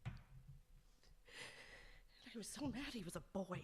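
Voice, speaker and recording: A woman delivers a eulogy at a funeral home, telling stories about her nephew with raw emotion. Her voice sits a little high and keeps sinking into whispers. Clear background noise runs under the recording. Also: lively intonation, a little slow, pauses often. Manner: emotional, storytelling, dropping to whispers. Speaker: aunt giving a eulogy.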